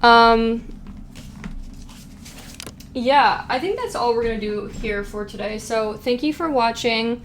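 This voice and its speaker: A woman's voice: a little high, expressive, takes it slowly, long pauses, slight background noise. A young woman giving a casual pick-a-card tarot reading, chatty and giggly, reading quotes aloud with playful asides. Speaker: tarot reader.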